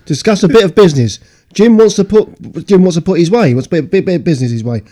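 A man with a mellow, warm-toned voice that sits a little high. He co-hosts a casual commentary, chuckling through dry asides and bits of trivia. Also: lively intonation, fast talker. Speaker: podcast co-host.

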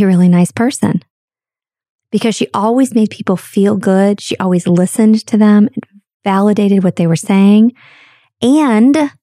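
A woman's voice: mid-range voice, warm tone, no echo, clean studio sound. A woman hosting a show, talking candidly in a reflective personal monologue full of childhood stories. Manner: candid, storytelling, drawn-out emphasis.

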